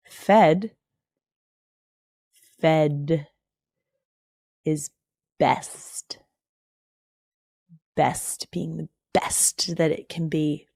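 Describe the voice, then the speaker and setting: A woman's voice: fairly low pitch, no room sound, studio quality. Blunt, profane woman podcast host. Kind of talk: casual podcast monologue.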